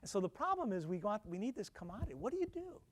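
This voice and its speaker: A man's voice: high-pitched, big pitch swings, quick pace. A man, a professor, giving a conversational lecture to alumni, peppering the room with questions and self-deprecating asides. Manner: conversational, quizzing the audience with questions.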